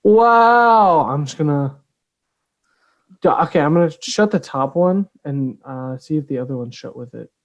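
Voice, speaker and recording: A player at a tabletop game, chatting casually and muttering quieter asides. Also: mid-range voice, moderate pace, highs cut off.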